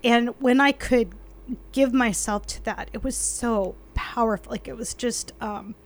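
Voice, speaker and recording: A woman's voice: on the high side, measured pace, slight background noise. A woman co-hosting a faith podcast, talking in an effusive, emotional way with frequent laughter.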